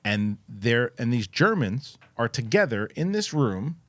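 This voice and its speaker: A man hosting a casual chat show, talking in an animated, rambling way with many restarts and fillers. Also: medium pitch, a little slow, no echo. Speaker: host.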